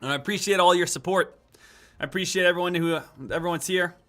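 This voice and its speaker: A man's voice: high voice, fast, sharp tone, soft background music. A man hosting a live stock trading stream, chatting casually and repeating each ticker call over and over. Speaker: stock trading livestream host.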